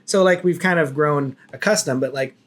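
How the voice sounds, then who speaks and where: A man co-hosting a photography podcast in casual chat, relaxed and wry, often dropping into low mutters. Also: normal speed. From United States.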